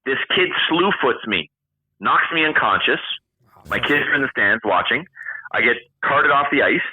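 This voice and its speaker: A man in his forties, a retired hockey player and podcast guest, telling animated stories, acting out quoted dialogue and swearing freely. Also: medium pitch, normal speed, slightly rough, no room sound. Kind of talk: casual storytelling interview. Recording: tinny phone-like call line.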